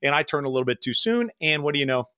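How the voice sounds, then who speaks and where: Animated storytelling man, dry close sound. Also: fairly high pitch, racing, no room sound. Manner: animated, acts out quoted voices. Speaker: podcast guest telling flying stories. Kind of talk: casual storytelling.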